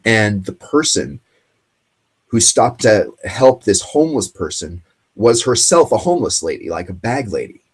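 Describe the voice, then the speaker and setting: Tearful husky-voiced man host. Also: on the low side, sing-song. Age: grew up in the 1980s. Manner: rambling, halting, with fillers and restarts. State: tearful, choked up. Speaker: host of a late-night call-in show. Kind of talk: casual monologue.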